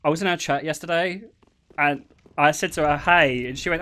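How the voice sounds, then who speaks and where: A man's voice: high voice, moderate pace. A man, a streamer telling stories in casual chat, swearing and breaking into laughter. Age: 20s. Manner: animated storytelling, swearing and bursting into laughter.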